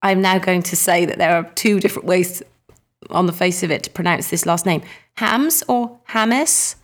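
A woman co-hosting a podcast in casual chat, animated and quick to laugh. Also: on the low side. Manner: chatty, laughs easily, animated. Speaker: podcast co-host.

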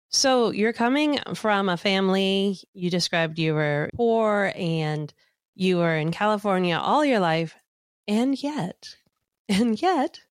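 A woman's voice: mid-range voice, clean tone, no room sound, clean studio sound. A woman hosting an interview, affirming and encouraging toward her guest. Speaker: host. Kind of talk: interview conversation.

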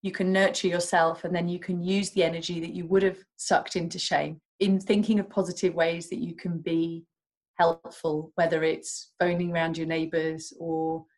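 A woman with a fairly low voice speaks as a podcast guest. She explains calmly and gently, with a warm coaching patience. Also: normal speed, rough recording. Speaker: guest, doctor and self-compassion coach. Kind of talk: podcast interview.

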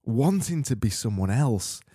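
A man's voice: mid-range voice, lively intonation, measured pace, mellow, breathy edge, no room sound, clean studio sound. A man hosting a comedy podcast, sarcastically gushing thanks to listeners in a mock-cheerful monologue with stammering restarts. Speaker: podcast host.

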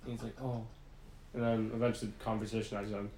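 A man's voice: on the low side, fast talker. A man co-hosting a podcast, retelling a comedian's joke in casual chat and laughing as he goes. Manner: animated storyteller, laughs while retelling jokes. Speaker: podcast co-host. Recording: echoey room.

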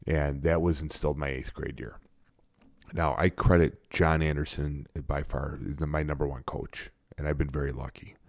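A man's voice: very deep voice, steady tone, normal speed, creaky, no room sound, clean studio sound. A man in his forties, a guest in a casual interview, talking in a blunt and emphatic way. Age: 40s. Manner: blunt and emphatic, self-described sarcastic.

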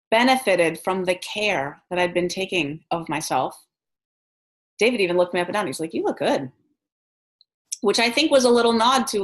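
Woman vlogging, chatty and animated, mid-pitched voice, laughs a lot. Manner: chatty, animated, laughs while telling stories. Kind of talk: casual storytelling vlog.

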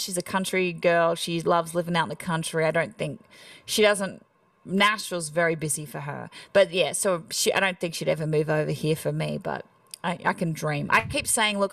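A woman's voice: on the low side, creaky, fairly bright tone, no echo, far from the mic. A young woman from rural Australia with a thick Australian accent, a country musician chatting as an interview guest and laughing often. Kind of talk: casual interview chat.

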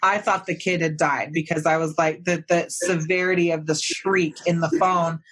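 A candid, lively woman hosting a casual podcast chat. Her voice sits a little low, and she laughs through her words as she tells stories. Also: normal speed, breathy edge. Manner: animated, candid, laughs while talking.

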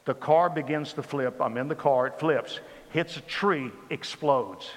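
A man giving a sermon testimony, telling his story with lively repetition. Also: medium pitch, a little slow, long reverb tail. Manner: animated storytelling with repeated phrases. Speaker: preacher.

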